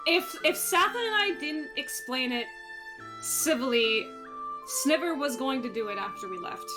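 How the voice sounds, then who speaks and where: A woman playing a tabletop game in character, chatty and quick to giggle. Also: high voice, lively intonation. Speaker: player. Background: background music.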